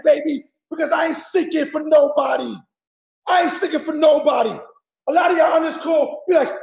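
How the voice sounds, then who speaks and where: Firing up a sales team in an echoey room, a loud, high-voiced network marketing leader shouts at normal speed with gravelly edges, a faint crowd audible. His motivational talk is street-slang preaching that drills each numbered point twice, loud and repetitive.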